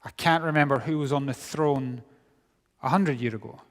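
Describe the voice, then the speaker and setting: A middle-aged Scottish man giving a sermon to young people, wry and humorous, dropping to quiet for serious points. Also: medium pitch, moderate pace. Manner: humorous, wry storytelling with sudden drops to quiet. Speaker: youth speaker. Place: large hall. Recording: long hall reverb.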